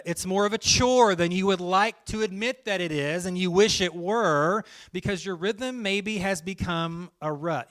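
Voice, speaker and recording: A man's voice: high voice, a bit bright. A male pastor preaching a sermon in a conversational way, full of joking stories. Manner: conversational, jokey storytelling.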